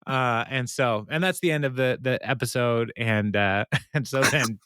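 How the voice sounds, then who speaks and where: A man's voice: mid-range voice, moderate pace, bright, forceful tone, clean tone, no room sound, studio quality. A man co-hosting a podcast, casually recapping a sitcom episode with lots of fillers and laughter. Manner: rambling with many fillers, laughs often. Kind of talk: casual chat.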